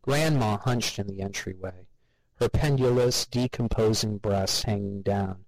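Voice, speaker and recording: A man narrating a story with a steady, even reading. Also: on the low side, measured pace, vocal fry, no room sound, low-quality recording.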